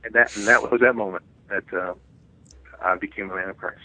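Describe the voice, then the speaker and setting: A man, the guest author, earnestly telling a personal testimony in an interview, pausing and restarting as he goes. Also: fairly low pitch, steady tone, bright, forceful tone. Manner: earnest, reflective storytelling with frequent restarts. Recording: phone-like line.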